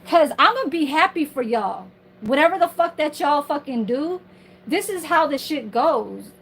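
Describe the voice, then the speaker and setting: A woman's voice: sits high, lively intonation, unhurried, fairly bright tone, rough recording. A woman ranting on her livestream from home in a casual, heated, profane and rambling way.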